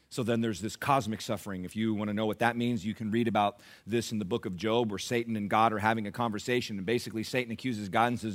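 A man preaching a sermon as pastor, telling stories and quoting scripture, swinging between low, quiet asides and loud emphatic peaks.

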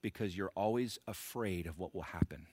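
A man preaching a sermon as pastor, emphatic and repetitive, rising to shouted bursts. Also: sits low, moderate pace, husky, dry recording.

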